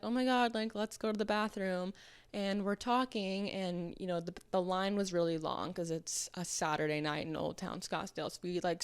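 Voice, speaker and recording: Young woman podcast host, lowish smooth voice, dry close sound, chatty and candid, lots of "like.". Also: dry recording. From Arizona, US. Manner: chatty and candid, heavy "like" filler, acts out quoted people. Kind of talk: casual solo podcast monologue.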